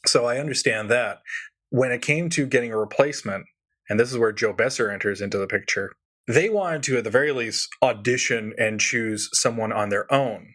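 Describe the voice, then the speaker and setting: A man co-hosting a podcast, chatting casually and animatedly, laughing often with quick asides. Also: mid-range voice, fairly bright tone. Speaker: podcast co-host. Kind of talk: casual chat.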